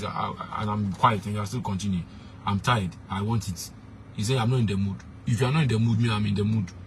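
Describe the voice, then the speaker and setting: A man's voice: medium pitch, fairly bright tone, a little hiss or hum. A young man, a street preacher giving blunt, emphatic advice and slipping into pidgin. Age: young adult.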